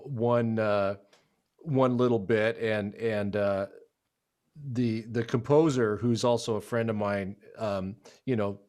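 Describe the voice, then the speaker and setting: Brief: male trumpeter co-host, casual storyteller, animated, laughs often, mid-range voice. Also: medium pitch. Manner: animated, laughs while telling stories.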